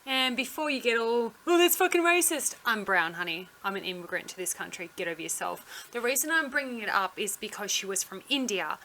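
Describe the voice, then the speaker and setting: A woman's voice: mid-range voice, pushed and bright. A woman telling a story on her vlog in a blunt, sarcastic way, swearing freely. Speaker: vlogger.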